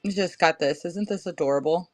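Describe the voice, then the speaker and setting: A woman's voice: lowish voice, brisk. A woman in her thirties selling crystals on a livestream, chatting casually and laughing often. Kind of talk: casual live-sale chat.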